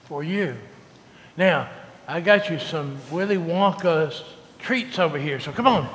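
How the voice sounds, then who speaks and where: A man's voice: a little high, lively intonation, measured pace, fairly bright tone, big-room sound, a little hiss or hum. A male pastor giving a coaxing, call-and-response children's sermon in a church. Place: church sanctuary.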